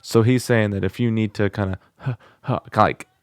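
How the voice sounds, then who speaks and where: A man's voice: on the low side, steady tone, brisk, clear, resonant tone, dry recording, studio quality. A man hosting his own music channel, chatting casually while he works through a beginner singing course and tries the vocal exercises aloud. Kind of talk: casual vlog lesson. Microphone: studio microphone.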